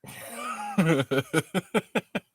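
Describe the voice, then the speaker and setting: A man's voice: a little high, extremely slow, slightly rough, no room sound. A man chatting casually on a live stream, laid-back, swearing freely and laughing often. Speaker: livestreamer. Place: truck workshop.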